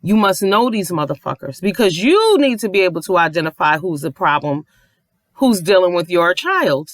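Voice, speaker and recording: A mother telling a long story in a casual rant, profane and animated, acting out the people she quotes. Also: on the low side, normal speed, no echo.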